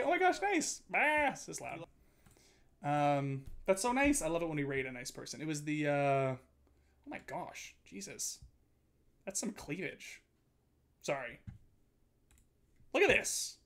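A man's voice: fairly high pitch, gravelly. A man streaming, chatting casually with his viewers and reading chat aloud. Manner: chatty, reads chat aloud, animated swings.

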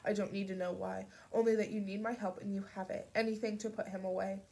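A woman's voice: mid-range voice, little pitch movement, quick pace, creaky, dark tone, lightly acted. A woman voicing a loyal young man who speaks firmly and with determination. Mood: determined. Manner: firm, determined.

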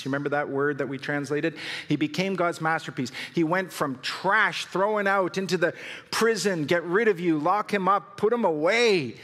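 A man's voice: mid-range voice, fairly bright tone. A man preaching a sermon as pastor, telling stories and rising to fervent emphasis. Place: church hall. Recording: long hall reverb.

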